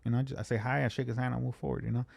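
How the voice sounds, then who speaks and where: A man's voice: mid-range voice, flat delivery, very fast, gravelly, darkish tone, no room sound. A man, a comedian, telling a rambling, profane story in casual podcast chat and acting out what people said.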